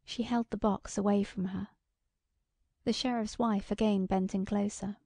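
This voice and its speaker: A woman narrating a short story audiobook in a measured, even way. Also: medium pitch, gravelly, dry recording. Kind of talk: scripted narration.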